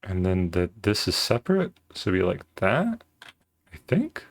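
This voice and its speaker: A man's voice: low-pitched, big pitch swings, moderate pace. A man streaming while he draws, chatting casually in a rambling, playful way with lots of fillers.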